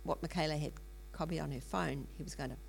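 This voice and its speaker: A middle-aged woman preaching in an earnest storytelling way. Her voice sits a little low and has a gravelly edge. She pauses often with ums and restarts her sentences. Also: a little hiss or hum. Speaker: speaker in a church teaching series. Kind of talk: sermon storytelling.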